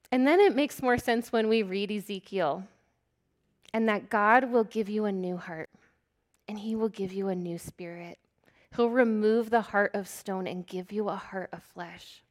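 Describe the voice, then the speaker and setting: Earnest woman preaching with soft whispered asides. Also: medium pitch. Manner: earnest, candid, laughs at herself, drops into soft whispers. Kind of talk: sermon.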